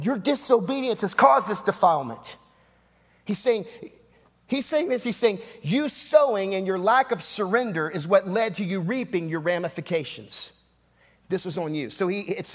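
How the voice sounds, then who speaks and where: A man delivers a sermon in a high voice, driving his points home through repetition and rhetorical asides. His words ring out with the long reverb of a large hall. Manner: emphatic, repetitive preaching with dramatic pauses and asides. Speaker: pastor.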